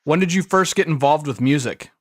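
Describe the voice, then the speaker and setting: A man's voice: a little high, fairly quick, slight background noise. A man hosting a podcast, reading a scripted introduction of his guest as a plain story. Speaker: podcast host. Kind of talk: scripted narration.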